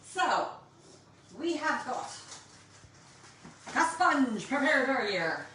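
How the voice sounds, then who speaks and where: Irish lady showing a bake at home, high bouncy voice, sounds far off in a really echoey kitchen. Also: big pitch swings, very slow, bright, forceful tone, slight background noise. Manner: chatty, playful, addresses viewers directly. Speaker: baking teacher. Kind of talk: home baking demonstration.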